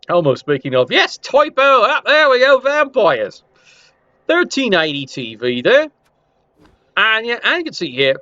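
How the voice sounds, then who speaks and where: A man talks through a league review in a casual, wry way, tossing in asides and the odd swear. His voice sits high and swings widely in pitch. The sound is dry and slightly muffled, like a desk mic on a home recording. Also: a bit bright, dry recording. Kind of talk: casual commentary over screen.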